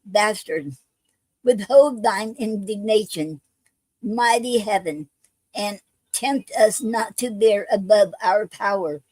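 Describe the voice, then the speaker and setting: Lady reading a bold warrior lord, slow and even, no room echo. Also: mid-range voice. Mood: urgent. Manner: plain, measured reading aloud. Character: bold male nobleman and warrior.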